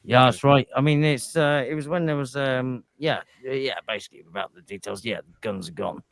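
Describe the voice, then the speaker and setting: An English man on a podcast, rambling through crude banter with lots of halting restarts. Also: medium pitch, gravelly, no echo. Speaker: podcast guest.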